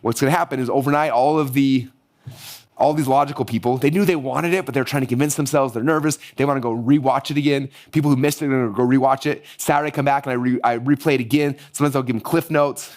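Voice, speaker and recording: A man teaching a live online marketing workshop, energetic and hyped-up, his voice going hoarse. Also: medium pitch. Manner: energetic, hyped-up, rapid-fire. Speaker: marketing course instructor.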